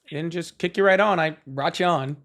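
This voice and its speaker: A man's voice: a little high, fairly quick, fairly bright tone. A man hosting a live political chat stream, talking in a sarcastic, mocking, rambling way. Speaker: livestream host.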